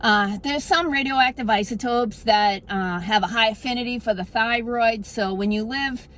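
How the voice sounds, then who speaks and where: A woman naturopath in a comedic monologue, joking deadpan in a put-on Boston accent. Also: a little high, normal speed. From Wisconsin. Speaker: naturopath giving health advice.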